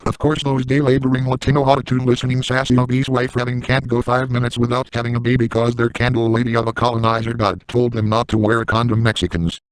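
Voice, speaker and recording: A man voicing a crude, boastful middle-aged man in a comedic first-person monologue, delivering insults in a flat, matter-of-fact way. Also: mid-range voice, clean tone, dry recording, close to an everyday voice, poor audio.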